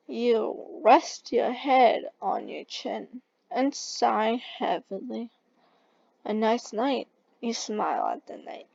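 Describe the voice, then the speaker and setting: A woman reading a second-person fan story aloud in a halting way, stumbling and restarting words. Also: on the high side, gravelly, a little mellow, no echo, highs cut off. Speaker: story reader.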